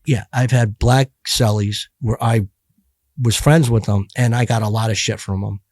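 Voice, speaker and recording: A man's voice: fairly low pitch, fairly even intonation, moderate pace, darkish tone, no echo, studio quality. A middle-aged man talking bluntly and profanely as a podcast guest, rambling with many restarts. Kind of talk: casual podcast conversation.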